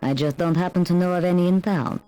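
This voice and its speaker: A woman's voice: lowish voice, steady tone, quick pace, warm tone, faint music behind, close to an everyday voice, rough recording. A woman doing a guarded Romanian woman. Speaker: game character. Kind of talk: 1990s adventure game voice acting.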